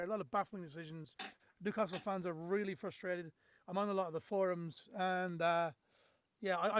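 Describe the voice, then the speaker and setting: A man's voice: high voice, fairly bright tone, slight background noise. A man hosting a football podcast, giving blunt opinions in casual chat. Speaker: podcast host.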